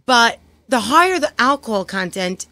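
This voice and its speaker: A woman's voice: a little high, very animated, normal speed, pushed and bright, dry recording. Woman with a thick New York accent. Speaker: guest, liqueur maker. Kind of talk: casual interview chat.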